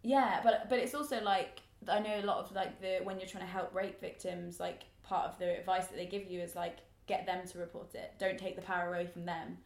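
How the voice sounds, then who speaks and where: A woman co-hosting a podcast, talking quickly and thoughtfully in casual chat. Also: fairly low pitch, steady tone, creaky. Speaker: podcast co-host. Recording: roomy echo.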